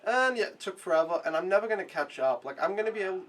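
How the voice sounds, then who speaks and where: A man's voice: sits high, animated, very fast, a bit bright. A young man, chatting casually and rambling about his week as an au pair. He swears freely, fills his talk with fillers, and has a sore throat. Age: young adult. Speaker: au pair vlogger. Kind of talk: casual chat.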